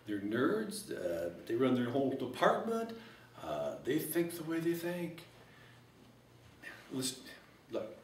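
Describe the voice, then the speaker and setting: A man's voice: medium pitch, far from the mic, a little hiss or hum. Man teaching math, jokey folksy asides, echoey room, off-mic voice. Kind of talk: recorded math lesson.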